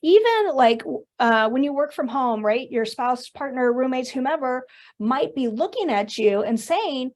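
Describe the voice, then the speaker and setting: A fairly high-voiced middle-aged woman leads a webinar and talks straight to her audience. She tells her stories with animation and drops in casual asides as she goes. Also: normal speed. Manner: animated storytelling with conversational asides. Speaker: workshop presenter. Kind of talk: webinar presentation.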